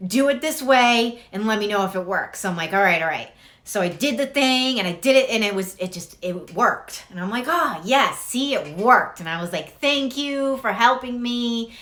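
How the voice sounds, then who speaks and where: A woman's voice: mid-range voice, fairly bright tone. A woman giving a casual tarot reading who rambles, swears freely and laughs through her stories. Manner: rambling, profane, laughing storyteller. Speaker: tarot reader.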